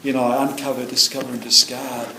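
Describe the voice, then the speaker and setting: A middle-aged man speaks at a recovery meeting in a rambling, heartfelt way, circling back with "you know." His voice sits at an ordinary middle pitch. It bounces around an echoey meeting room, with a faint hum of ambience behind it. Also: flat delivery, quick pace, bright, forceful tone. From New Zealand. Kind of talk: personal share at a recovery meeting.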